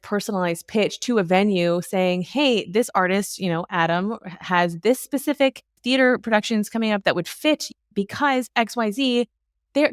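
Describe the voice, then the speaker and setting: A woman's voice: medium pitch, no echo. Canadian female podcast host, chatty and easygoing, close dry sound. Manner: chatty, laughs often. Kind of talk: casual podcast conversation.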